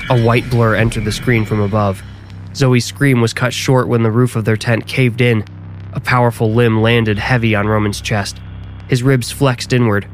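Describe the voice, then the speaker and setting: A man reading a scripted horror story aloud, with measured, dramatic storytelling. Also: medium pitch, a little hiss or hum.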